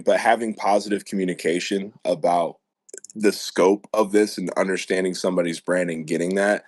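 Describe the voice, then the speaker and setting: Very deep-voiced American man, laid-back podcast host. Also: steady tone, moderate pace, no room sound, studio quality. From United States. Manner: rambling, laughs often, restarts sentences. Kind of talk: casual podcast chat.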